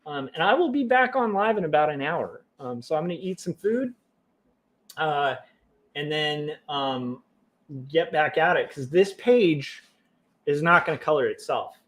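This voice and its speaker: Guy streaming while he colors comics, rambly and self-deprecating, a bit higher voice, joking with chat. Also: very animated, a little slow. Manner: wry, self-mocking, drifting into jokey quoted voices. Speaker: livestreaming comic artist. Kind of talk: casual chat to viewers while drawing.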